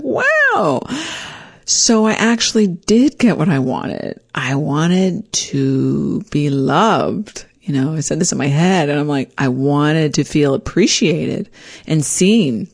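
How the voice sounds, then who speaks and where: A woman telling a personal story in an animated, self-deprecating way, leaping up in pitch when she acts out her own words. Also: a little slow, gravelly, husky.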